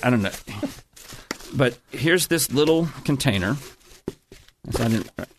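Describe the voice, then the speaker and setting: A man's voice: medium pitch, lively intonation, unhurried, a little hiss or hum. A middle-aged man telling a family story in casual chat, rambling and often breaking off to restart his sentences. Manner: rambling, self-interrupting storyteller.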